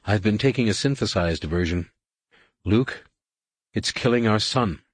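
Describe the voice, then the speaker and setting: A man's voice: lively intonation, unhurried, dry recording. A man reading aloud and voicing a strong-willed, stubborn pregnant woman with an insistent, raised voice. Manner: insistent, lifted pitch.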